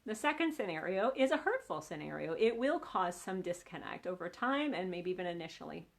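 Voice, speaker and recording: A woman's voice: on the low side, sing-song, a little fast, vocal fry. A woman relationship coach giving an earnest teaching talk, explaining and asking her audience questions.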